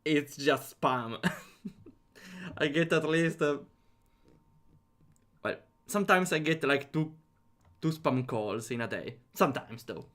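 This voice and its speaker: A man's voice: on the high side, slow pace, pauses often, fairly bright tone. A man streaming a visual novel, reading it aloud, chatting with viewers and laughing often.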